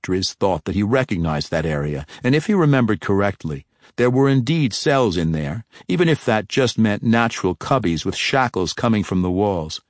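A man narrating a fantasy audiobook in a measured, steady storytelling manner on a close mic. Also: on the low side, no echo.

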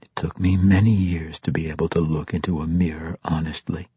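Man voicing a menacing male assassin: hushed, breathy, low-pitched. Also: measured pace, dry recording, dull audio, full character voice. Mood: quiet. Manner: low, quiet, whispered menace.

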